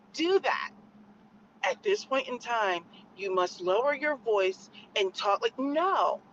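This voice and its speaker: A woman's voice: on the high side, a bit bright, highs cut off, slight background noise. A woman vlogger ranting casually from her car, emphatic and rambling, full of fillers. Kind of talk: casual opinion rant. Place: in a car in traffic.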